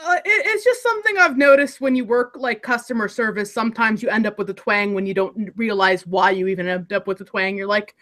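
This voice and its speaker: A woman's voice: mid-range voice, fairly quick, few pauses, a bit bright. A woman from Alaska with an Alaskan accent, chatting casually and rambling with restarts as a content creator. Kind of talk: casual group chat.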